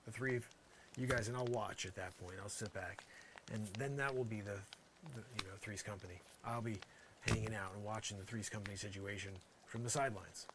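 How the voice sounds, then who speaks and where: In this character monologue, a male comedian rants sarcastically and off the cuff, alternating exasperated outbursts with muttered asides. His low-ish voice is fairly quick and fairly even in intonation, with background noise behind him.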